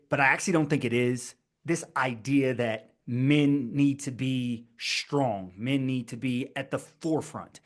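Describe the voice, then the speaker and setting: A man hosting his own podcast, talking alone in a rhetorical style with slow, emphatic repeated phrases. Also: mid-range voice. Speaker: podcast host. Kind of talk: scripted-sounding solo podcast monologue.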